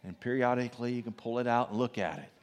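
Animated preacher in a reverberant hall. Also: male voice, medium pitch, fast, smooth. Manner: animated, swings between loud emphatic questions and soft asides. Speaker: pastor. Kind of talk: sermon. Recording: long reverb of a large hall.

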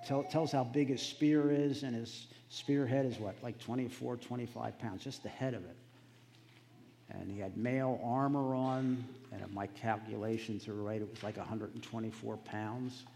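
A man preaches a sermon in a casual, storytelling way, his voice gravelly and mellow. The sound carries a long hall reverb. A faint noise hangs behind him. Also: on the low side.

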